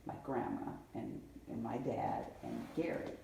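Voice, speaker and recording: In a casual family conversation, a middle-aged woman with a rumbling low, creaky voice speaks a little slowly. She's an animated storyteller, acting out what her relatives said. The room is echoey, the mic sits far off, and there's slight background noise.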